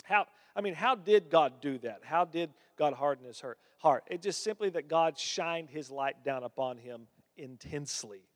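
A man delivers a sermon with a notably high voice, growing animated and climbing higher as his stories build. His words ring out with a long reverb, as in a large church sanctuary. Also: moderate pace, hardly any pauses. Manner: animated storytelling, voice climbs when excited. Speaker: preacher.

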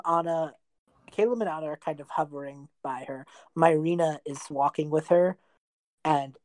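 A woman's voice: sits low, darkish tone, dry recording, low-quality recording. A woman narrating a tabletop role-playing game as game master, describing scenes in a casual, rambling way with many fillers.

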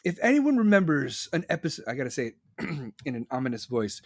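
A man's voice: mid-range voice, sing-song, normal speed, dry recording, clean studio sound. A man in his forties in casual, profane, rambling chat, reading and answering comments from his audience.

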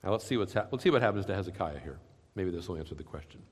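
A man pastor giving a sermon, earnest and questioning, often sinking to soft, low passages. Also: lively intonation, very fast. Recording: long hall reverb.

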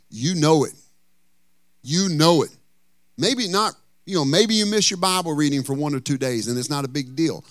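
A middle-aged man preaching a sermon as pastor, animated and folksy, with humorous asides. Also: fairly high pitch, no room sound.

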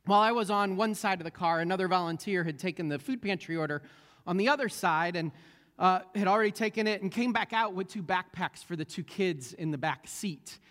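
A man's voice: high voice, a little fast, a bit bright, in a large hall. A man preaching a sermon as pastor, telling a story with many fillers and restarts.

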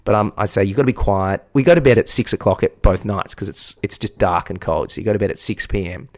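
A man's voice: lowish voice, fast, a little mellow. An Australian man, a podcast co-host and part-time teacher, telling a rambling, self-mocking story in casual chat and swearing freely.

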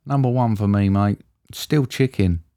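A man with a fairly low, mellow voice chats casually as a podcast co-host. He sounds laid-back and blokey, dropping "mate" into his sentences. The sound is dry and close. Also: measured pace, no room sound. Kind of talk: casual chat.

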